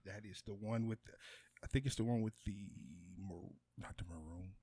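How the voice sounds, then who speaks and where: A man's voice: fairly low pitch, moderate pace, mellow, slightly rough, no room sound, studio quality. A man co-hosting a podcast, easygoing and slangy, laughing often. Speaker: podcast co-host. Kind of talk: casual chat. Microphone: podcast mic in a small studio shed.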